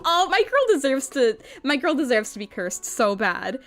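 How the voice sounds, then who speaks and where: A young woman streaming a visual novel, reading the characters' lines aloud and reacting with giggly, animated commentary. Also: high voice, moderate pace, faint music behind.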